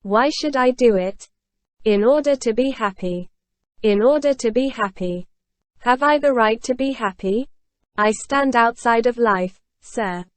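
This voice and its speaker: A woman's voice: fairly high pitch, measured pace, dry recording, natural voice. A woman reading the part of a remorseful aging former convict, in a solemn, anguished confessional manner.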